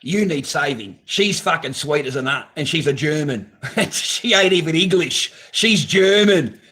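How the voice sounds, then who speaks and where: A man's voice: a little high, animated, moderate pace, sharp tone. A man hosting a live stream from his garage on a phone camera, talking casually in a blunt, profane, ranting way. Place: home garage.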